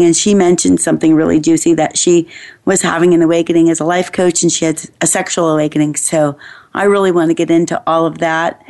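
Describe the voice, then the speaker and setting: A woman's voice: fairly low pitch, a little mellow. A woman hosting a radio interview show, who introduces her guest and encourages her with short affirming replies. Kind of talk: casual interview.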